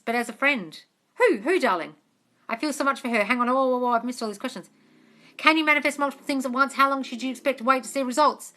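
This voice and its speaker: A woman's voice: on the high side, sharp tone. An Australian woman answering questions on a live stream as a manifestation coach, chatty and casually swearing, calling her listeners darling.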